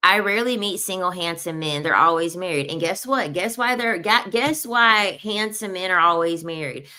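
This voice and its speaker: A woman's voice: lowish voice, normal speed, pushed and bright. A woman in her thirties giving blunt, emphatic opinions in a casual commentary, often repeating her points. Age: 30s. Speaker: online commentator.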